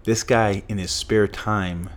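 A man's voice: lowish voice, steady tone, takes it slowly. A middle-aged man earnestly telling a personal story as an interview guest.

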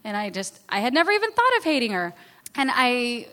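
A woman's voice: on the high side, sing-song, a little fast, pushed and bright, long reverb tail. A woman guest in an interview, candidly telling a personal story in a chatty, self-deprecating way.

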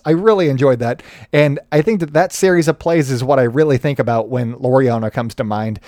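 A man's voice: medium pitch, brisk, mellow, no echo. A man talks alone into a podcast mic and keeps it loose and chatty. He jokes at his own expense, and his voice sits in an ordinary middle range. The sound is close and dry. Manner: chatty, joking and self-deprecating. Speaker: sports podcast host. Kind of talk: casual solo podcast commentary.

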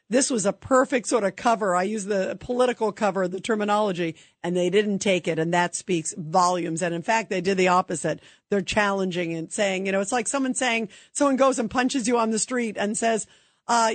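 A woman hosting a call-in radio show, talking in an animated way and acting out mocking quotes. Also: mid-range voice, a little fast, dry recording. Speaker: talk radio host.

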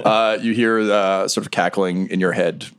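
A man narrating as game master, relaxed and laughing often, with frequent fillers. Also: low voice, moderate pace, clear, resonant tone.

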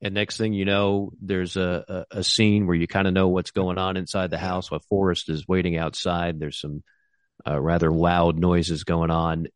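A man co-hosting a sports podcast, rambling enthusiastically and restarting his sentences. His voice sits on the low side and sounds dry and close. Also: flat delivery, normal speed, clear, resonant tone, dry recording. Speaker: co-host. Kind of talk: casual sports podcast chat.

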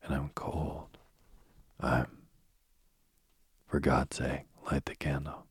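A man reading a sleep story in a hushed whisper, voicing a terrified man who pleads and repeats himself in the dark. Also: a bass voice, little pitch movement, takes it slowly, slightly rough, no echo, clean studio sound, exaggerated voice.

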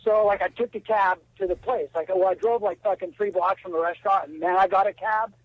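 A man phones in over a dull, muffled line. His voice sits high and he rambles, swearing constantly and tripping over fillers as he goes. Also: steady tone, fairly quick. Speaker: caller. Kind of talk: casual phone call to a show.

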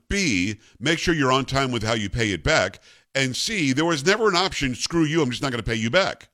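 Lively, emphatic male talk show host. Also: mid-range voice. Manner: emphatic, conversational, with folksy personal anecdotes. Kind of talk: opinionated talk radio commentary.

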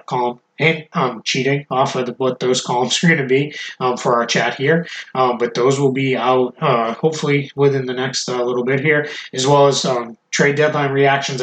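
A man's voice: mid-range voice, fairly bright tone, a little hiss or hum. Hiccuping male podcast host in echoey room. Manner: eager, self-promoting, many restarts. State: has the hiccups. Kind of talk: casual podcast chat.

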